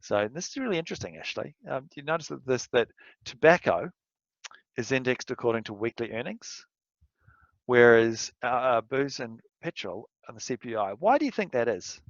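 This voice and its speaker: A man's voice: mid-range voice, very animated, moderate pace, dry recording, dull audio. A male university lecturer giving a recorded lesson, rambling and candid, sometimes working himself into a rant. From outside Australia. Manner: rambling, candid, gets worked up and ranting.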